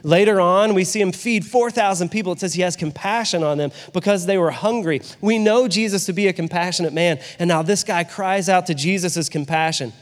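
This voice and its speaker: A man preaching in a relaxed, conversational way, often turning to rhetorical questions. His voice sits high for a man. It trails off into the long echo of a big hall. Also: brisk, hardly any pauses. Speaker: pastor. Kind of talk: sermon.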